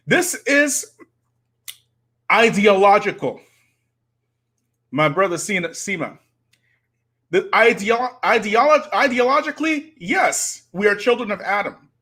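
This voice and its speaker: A man's voice: very high voice, expressive, takes it slowly, long pauses, pushed and bright, slightly rough. A man, hosting a live stream and preaching to his audience with rhetorical challenges. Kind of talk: impassioned live-stream commentary.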